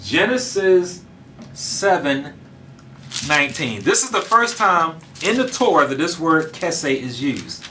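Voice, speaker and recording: A man's voice: a little high, sing-song, a little slow, pushed and bright, slight background noise. A man preaching a sermon, fervent and emphatic, talking casually and addressing his listeners directly. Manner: casual colloquial speech, addresses audience directly.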